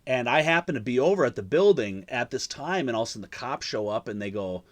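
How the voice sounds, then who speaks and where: A man's voice: mid-range voice, expressive, fast talker. A man hosting a podcast, telling a story in casual chat over a remote call, swearing often and rambling with fillers and restarts. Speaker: podcast host.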